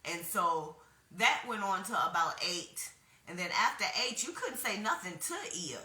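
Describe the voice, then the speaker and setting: A woman in her forties talks frankly and casually, telling stories with plenty of slang. Her voice is bright and forceful but sits a little low. The recording picks up a roomy echo. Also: expressive, moderate pace. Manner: frank, chatty storytelling with slang. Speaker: wellness workshop presenter. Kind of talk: casual spoken workshop talk.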